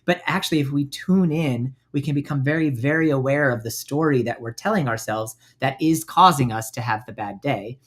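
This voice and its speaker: A man hosts a self-help podcast in a gentle coaching tone. He speaks at an ordinary middle pitch and now and then acts out the voices in your head. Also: moderate pace, hardly any pauses. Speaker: podcast host.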